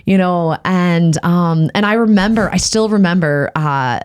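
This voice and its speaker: A woman's voice: lowish voice, unhurried, clean tone. A woman guest on a podcast, telling her story candidly and livening up when she quotes others. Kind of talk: casual conversation.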